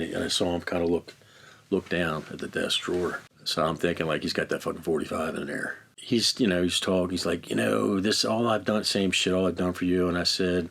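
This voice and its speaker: A man's voice: sits low, creaky, fairly bright tone, husky. A middle-aged man bluntly recounting his own past in a candid interview, swearing freely and acting out the arguments he describes. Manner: blunt, heavily profane, acts out quoted exchanges. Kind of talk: candid first-person storytelling.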